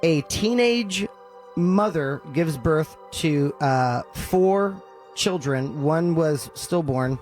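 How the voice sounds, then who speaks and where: Man, podcast host, casual storytelling, animated quoting, fairly high pitch. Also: extremely slow, faint music behind. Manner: animated retelling with acted-out quotes; loose, uses fillers like "uh" and "like".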